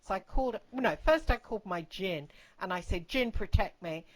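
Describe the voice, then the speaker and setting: A woman hosting a podcast, telling a story in casual, rambling talk, blunt and full of swearing, and dropping to a hushed, intense tone for the eerie parts. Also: mid-range voice, expressive, moderate pace, low-quality recording. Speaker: podcast host.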